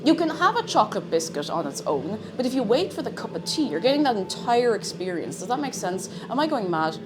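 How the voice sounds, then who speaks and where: A young woman streaming from home, chatting brightly with her viewers and greeting them by name. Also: on the high side, big pitch swings, fairly quick, background noise. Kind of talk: casual live-stream chat.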